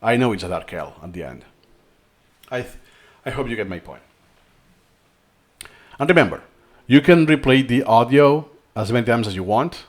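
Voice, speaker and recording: A man's voice: mid-range voice, expressive, moderate pace, long pauses. A man with a Spanish accent, a native Spanish speaker from Spain, explaining a learning tutorial and thinking aloud as he goes. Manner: thinking aloud, repeats himself. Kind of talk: screen-recorded tutorial talk.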